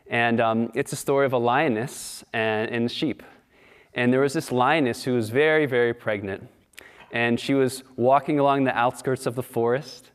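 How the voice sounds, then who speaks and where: A man delivering a Sunday sermon with a mid-pitched voice. He tells stories in an easy, conversational way. He often turns to his listeners with questions. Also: fairly even intonation, normal speed, clear, resonant tone. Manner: warm storytelling, asks the audience questions. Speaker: speaker at a Sunday service.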